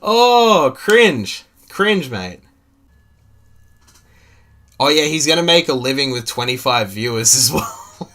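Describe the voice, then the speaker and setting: A man's voice: mid-range voice, moderate pace, bright, forceful tone. A young man with an Australian accent, a streamer, talking in a taunting, profane, laughing way. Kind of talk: mocking streamer commentary.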